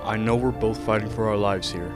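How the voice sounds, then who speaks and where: A man voicing an earnest male barbarian fighter, slow and halting. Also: fairly low pitch, steady tone, over music, natural voice.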